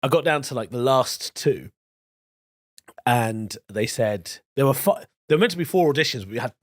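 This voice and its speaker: A man's voice: mid-range voice, expressive, normal speed, no room sound, clean studio sound. A man from London with a middle-class British accent, hosting a podcast in playful, jokey casual chat. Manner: playful, jokey, slips into silly put-on voices. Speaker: podcast host.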